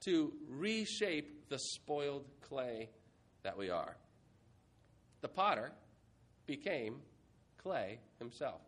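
A man preaching a sermon, moving from quiet reflection to a playful mock auction with the congregation. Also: a little high. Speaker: pastor.

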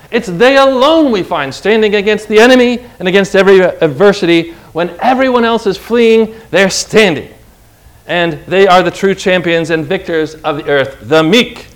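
Male preacher, higher voice, emphatic sermon delivery, quizzes the congregation. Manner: emphatic, asks listeners questions.

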